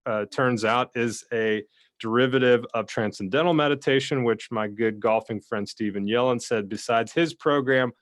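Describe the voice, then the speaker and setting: A man's voice: medium pitch, moderate pace, a bit bright. Rambling talkative man co-hosting. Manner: rambling, talkative, self-described blabbermouth. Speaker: podcast co-host. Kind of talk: casual chat.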